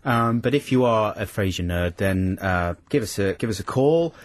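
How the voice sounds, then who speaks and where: A man's voice: on the low side, lively intonation, moderate pace, dry recording. A man hosting a radio show in a studio, chatting casually, stammering and apologising while laughing at himself. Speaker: radio host.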